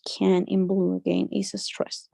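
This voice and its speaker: A woman taking an English lesson, thinking aloud in a hesitant, halting way as she works through a question. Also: medium pitch, monotone, creaky, dark tone, no room sound. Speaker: English student.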